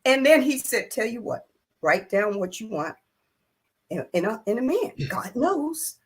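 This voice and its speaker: Her speaking pace is normal, her pitch mid-range, and her tone slightly rough. She is an older interview-show guest who relates a personal anecdote with animation, voicing what others said with laughs and added emphasis.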